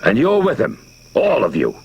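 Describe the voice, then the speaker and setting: A man playing a defiant, shouting neighbor. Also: mid-range voice, very animated, normal speed, breathy edge, pitched above the performer's own voice. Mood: angry. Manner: forceful, shouting, lecturing. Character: angry defiant man lecturing his neighbors.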